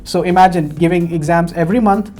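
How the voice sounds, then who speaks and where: A man's voice: high-pitched, fairly even intonation, fast, darkish tone, faint music behind. A young man from Punjab with an Indian accent, earnestly telling his story as an interview guest, often repeating words as he searches for phrasing. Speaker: graduate student guest. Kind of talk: casual interview.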